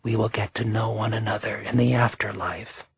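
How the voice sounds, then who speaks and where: A man doing a soft-spoken young Egyptian queen. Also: on the low side, lively intonation, normal speed, breathy edge, dry recording, exaggerated voice. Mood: whispered. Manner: soft, quiet, near-whispered. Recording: slightly dull lo-fi recording.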